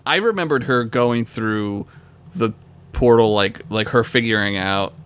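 A man's voice: lowish voice, unhurried, clean tone. A man co-hosting a podcast, chatting casually about a TV episode, swearing and laughing easily. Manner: expressive, laughs often, swears freely. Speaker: podcast co-host.

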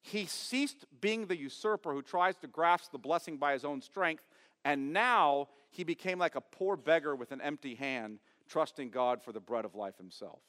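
A man preaching a sermon as pastor, emphatic, asking his congregation questions and swinging from loud stress to quiet asides. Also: fairly high pitch, normal speed, in a large hall. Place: church sanctuary.

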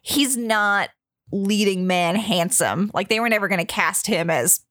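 A woman's voice: medium pitch, measured pace, a bit bright, no echo, studio quality. Chatty woman telling an anecdote. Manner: chatty, tells anecdotes with acted quotes. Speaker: podcast co-host. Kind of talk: casual chat.

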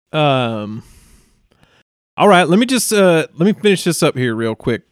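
A man's voice: on the high side, big pitch swings, slow pace, gravelly, dry recording, studio quality. A man playing in a tabletop game, joking and laughing with the group. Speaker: player. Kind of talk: casual chat at a game table.

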